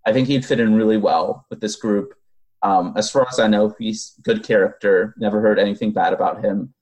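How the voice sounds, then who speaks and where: A young man co-hosting a casual sports podcast, a bit hoarse from losing his voice, rambling with fillers and restarts as he answers listener questions. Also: on the low side, steady tone, moderate pace, a little mellow. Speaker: podcast co-host.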